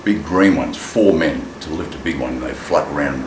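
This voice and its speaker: Deep-voiced man telling a story. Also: moderate pace. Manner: animated, acts out voices in his story. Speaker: storyteller in an acting class. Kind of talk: personal storytelling. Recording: echoey room with clear ambient noise.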